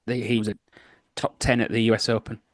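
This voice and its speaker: A man co-hosting a golf podcast, giving his picks in a dry, sarcastic, measured way. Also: medium pitch, flat delivery, no room sound. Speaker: podcast co-host. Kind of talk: casual podcast chat.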